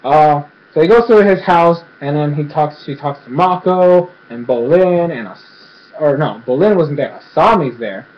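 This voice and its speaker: A man giving an excited, rambling casual recap as a show reviewer, filling his speech with "freaking" and "like". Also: fairly high pitch, normal speed, few pauses. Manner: rambling, excitable, fills speech with 'freaking' and 'like'. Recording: dull lo-fi recording.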